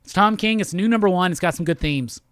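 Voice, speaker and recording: A man's voice: high voice, quick pace, a bit bright, no echo, studio quality. A man hosting a comic book show, giving a heated, profane review in a rant-style talk. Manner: heated, profane, repetitive ranting.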